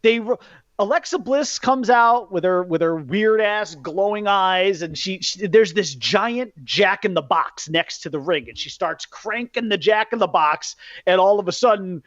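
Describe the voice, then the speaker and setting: A man hosting a podcast, ranting in a casual, profane way about a wrestling event, jumping between loud outbursts and low muttering. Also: lively intonation, measured pace, no room sound. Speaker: podcast host. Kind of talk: casual wrestling recap rant. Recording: dull lo-fi podcast mic.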